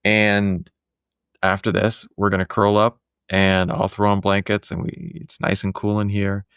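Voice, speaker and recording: A man with a low, gravelly voice tells earnest, reflective stories in a relaxed podcast chat. He is recorded dry and close, with no room sound behind him. He speaks from his home office. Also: measured pace, no echo. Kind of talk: casual podcast conversation.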